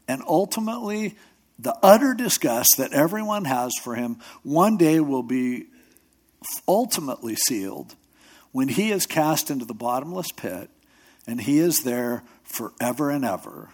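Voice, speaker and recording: A man with a mid-range, darkish-toned voice preaches at a normal speed, very animated. He's a pastor and radio host whose conversational sermon is built on stories, quotes acted out in other voices, and loose talk with restarts and asides.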